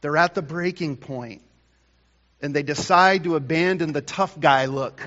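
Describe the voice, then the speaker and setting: A male pastor delivering a morning sermon, slow and emphatic, rising to loud bursts and dropping to quiet lines. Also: a little high. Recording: dull sound with long hall reverb.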